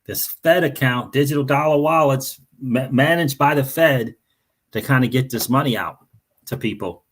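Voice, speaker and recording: A man's voice: mid-range voice, normal speed. A man hosting a crypto livestream, chatting casually, greeting viewers by name and repeating phrases. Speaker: crypto channel host.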